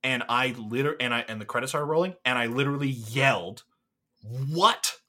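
A young man in casual podcast chat, talking in long enthusiastic runs full of fillers and the odd swear word. His voice is bright and forward. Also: medium pitch, rapid-fire. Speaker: podcast co-host.

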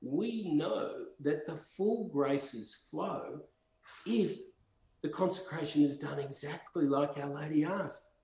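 The man appearing on this podcast speaks slowly in a gravelly, darkish, slightly high voice. He spins rambling stories with real passion, and the room gives off an audible echo.

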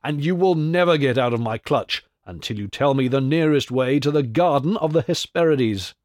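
A man's voice: medium pitch, expressive, normal speed, darkish tone, dry recording, clean studio sound, close to an everyday voice. A man reading aloud, voicing a mighty young male hero who roars his demands. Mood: roaring. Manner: roaring, commanding.

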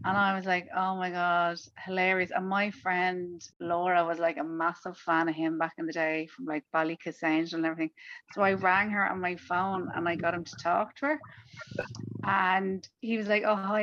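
A woman's voice: fairly low pitch, normal speed, no room sound, highs cut off. A woman with an Irish accent, a comedian chatting casually in an interview and acting out the people in her stories. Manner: lively storytelling, acts out the people she quotes. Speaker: comedian guest.

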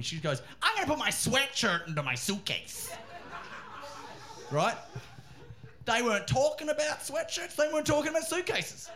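High, bright man telling comic stories. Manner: animated, laughing, swearing, riffing. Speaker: comedian podcast guest. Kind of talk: comic storytelling.

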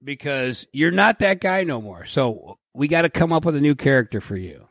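Swearing liberally and joking as he acts out imagined exchanges, a male podcast co-host keeps the conversation casual. His voice is on the high side with big pitch swings, a bit bright, at a moderate pace. The sound is dry and clean, like a studio.

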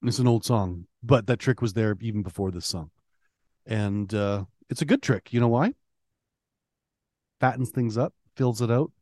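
A lower-pitched man talking casually on a music podcast. His speech is halting and full of restarts, and he swears freely while teasing his co-host. The recording is close and dry. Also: darkish tone, no echo. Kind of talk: casual chat.

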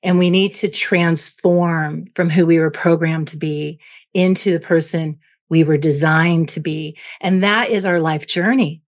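A middle-aged woman psychologist explaining calmly and carefully as a guest on a podcast interview. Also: on the low side. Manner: measured, explanatory.

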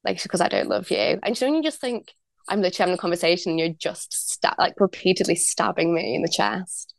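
A woman's voice: fairly low pitch, fast, vocal fry, no room sound, clean studio sound. A young woman, a podcast guest telling a personal story in a chatty way, full of likes and ums, acting out what people said. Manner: chatty, many likes and ums, acts out quoted dialogue. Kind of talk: candid storytelling.

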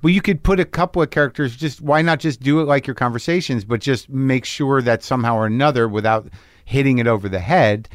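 A man's voice: medium pitch, a little fast, no room sound, studio quality. A man hosting a casual chat, rambling and easygoing, with frequent restarts. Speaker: podcast host. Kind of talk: casual chat with a put-on radio host bit.

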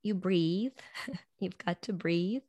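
A woman speaking as a guest in an earnest, reflective motivational talk, going soft and slow when guiding breathing and laughing lightly between points. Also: on the low side, dry recording.

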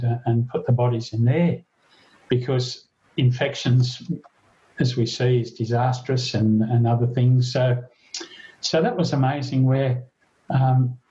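A man tells his story in an earnest, halting way, often restarting his sentences and quoting others. His voice is mellow and dark at a middling pitch. The recording is dull and lo-fi. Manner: earnest, halting, with many restarts and quoted dialogue. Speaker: former police officer and guest. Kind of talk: recounting a story in an interview.

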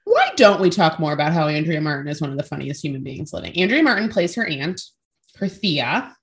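A woman co-hosting a casual podcast chat, sarcastic and animated with quick asides. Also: low voice. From Greek-American family. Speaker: podcast co-host.

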